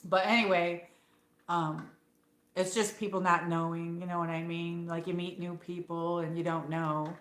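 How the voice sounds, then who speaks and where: A woman's voice: lowish voice, little pitch movement, normal speed, fairly bright tone, reverberant. A woman from upstate New York with her regional accent, hosting a late-night livestream and telling a rambling story full of fillers and the odd swear word. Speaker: livestream host. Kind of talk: casual chat. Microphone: phone.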